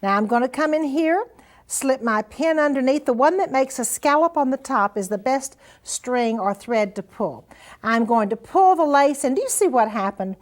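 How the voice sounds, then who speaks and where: Older woman, high voice, folksy sewing teacher, encouraging tone. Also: animated, normal speed. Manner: chatty, folksy, encouraging, says "honey" and "now then". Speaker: sewing show host. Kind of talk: friendly sewing demonstration.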